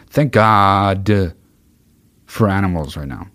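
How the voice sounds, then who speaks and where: A man ranting on a livestream, heated and swearing constantly, with sudden bursts of shouting as he reads through chat. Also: fairly low pitch, a little slow, creaky, no echo. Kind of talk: profane livestream rant.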